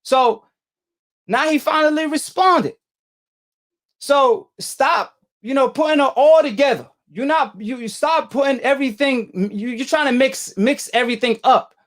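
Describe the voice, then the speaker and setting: A man's voice: extremely high pitch, unhurried, a bit bright. A man hosting a boxing call-in show, arguing with a caller in a combative, slangy way and repeating himself. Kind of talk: heated call-in debate.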